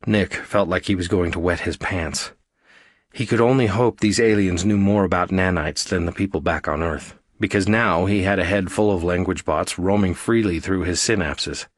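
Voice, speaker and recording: A man narrating a science fiction audiobook in a steady, even storytelling manner. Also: deep voice, normal speed, dry recording, clean studio sound. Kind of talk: scripted narration.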